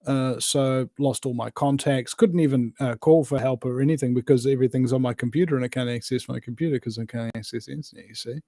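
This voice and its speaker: A New man talking as a guest, voice of medium pitch. He rambles and presses his points with lots of fillers and restarts. The sound is close and dry, with no room around it. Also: steady tone, fast, few pauses, mellow, no room sound. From New Zealand. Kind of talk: casual conversation.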